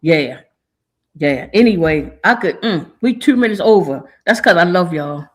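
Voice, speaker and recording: A woman's voice: fairly low pitch, animated, unhurried. Woman talk host, emotional and churchy, heartfelt community sign-off. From Maryland, USA. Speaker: show host. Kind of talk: casual talk show sign-off.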